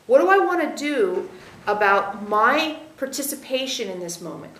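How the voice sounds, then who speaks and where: High-voiced woman giving a channeled teaching. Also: very animated, fairly bright tone. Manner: measured, explanatory, speaks as "we", checks in with listeners. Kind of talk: channeled spiritual teaching to a group. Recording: roomy echo.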